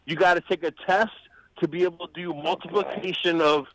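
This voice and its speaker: A man's voice: on the high side, fairly even intonation, fairly quick, a bit bright, dry recording, rough recording. A man co-hosting a live radio show, telling a rambling, profane story and acting out the voices of the people in it. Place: radio studio.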